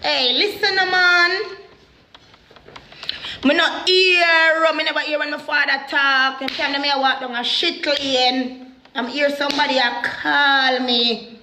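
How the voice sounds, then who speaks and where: A young Jamaican woman telling a personal story in an animated, heated way. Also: sits high, unhurried, echoey room, a little hiss or hum.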